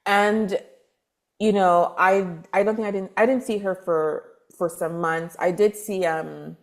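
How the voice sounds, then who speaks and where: Woman on a podcast telling her story, chatty, lots of likes and restarts, gets animated. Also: mid-range voice, measured pace. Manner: animated, acts out quoted dialogue with laughs; loose, filler-heavy talk with restarts. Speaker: guest, spiritual advisor. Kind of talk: casual storytelling interview.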